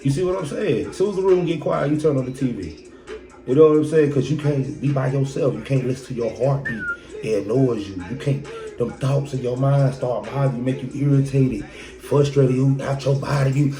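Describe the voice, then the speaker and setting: This male podcast host talks a little fast in a medium-pitched voice. His monologue is motivational, blunt and full of swearing and rhetorical questions. The recording is echoey, with loud music behind him.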